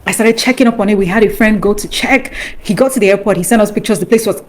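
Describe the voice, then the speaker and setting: A middle-aged woman tells a personal testimony in an animated way. She acts out the voices of the people in her story and slips into bursts of praise. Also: mid-range voice, fast. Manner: excitable storytelling, acts out quotes, breaks into praise. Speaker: guest sharing a testimony.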